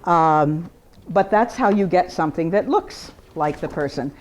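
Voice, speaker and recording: Speaking to a live crowd in an art gallery, a woman who paints portraits chats informally and unhurriedly about her work. She's animated, using big pitch swings to stress her points.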